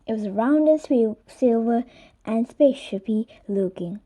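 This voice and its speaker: A woman's voice: a little high, measured pace, warm tone. A woman reading a children's chapter book aloud. She sometimes stumbles and corrects herself, gives the children in the story livelier voices, and drops to a whisper for asides. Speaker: reader.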